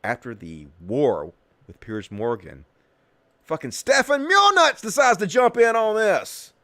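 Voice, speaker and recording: A man's voice: high-pitched, huge pitch swings, measured pace, pushed and bright, no echo. A man hosting a political commentary show, talking in a sarcastic, mocking and profane way. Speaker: host.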